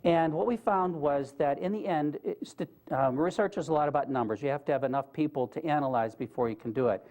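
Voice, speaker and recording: A man's voice: a little high, a little fast, a little mellow. A man giving a talk to a live audience, telling stories in an earnest, conversational way and putting questions to the listeners. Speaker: guest speaker. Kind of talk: storytelling lecture to an audience. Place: lecture room with a live audience.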